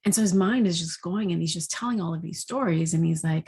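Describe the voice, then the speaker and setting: A woman, an intuitive energy coach, giving a spoken forecast with gentle, vivid storytelling. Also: lowish voice, fairly quick, creaky, few pauses, slightly rough.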